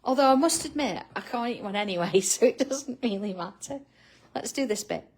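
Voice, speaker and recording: A woman's voice: a little high, expressive, fairly quick, darkish tone, husky. A middle-aged woman hosting a live drawing tutorial, chatting casually with viewers by name and laughing often. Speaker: art tutorial host.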